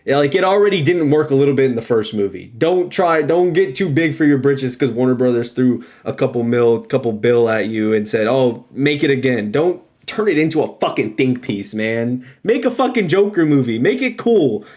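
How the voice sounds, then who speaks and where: A man co-hosting a podcast, giving a heated, profane movie review that swings from loud outbursts to low muttering. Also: animated, moderate pace, few pauses. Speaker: podcast co-host. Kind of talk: casual ranting movie review.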